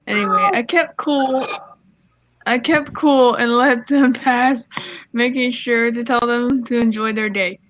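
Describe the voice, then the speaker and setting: A woman's voice: a little high, measured pace, a bit bright. A woman casually reading a Reddit story aloud, stumbling over words and giggling as she goes. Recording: slightly muffled, dry sound.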